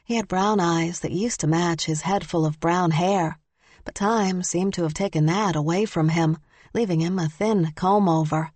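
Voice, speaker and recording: A woman narrating a first-person audiobook in measured, lightly wry storytelling. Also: lowish voice, a little mellow, no echo.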